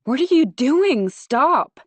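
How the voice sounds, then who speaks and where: A woman's voice: medium pitch, fairly even intonation, normal speed, darkish tone, no echo, natural voice. A woman reading the lines of an anxious young woman in an audiobook, urgent and earnest.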